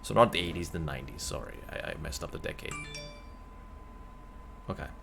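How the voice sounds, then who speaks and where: A man's voice: a bass voice, fairly quick, creaky, background noise. A streamer man reading news aloud and adding blunt comments, stumbling over hard names.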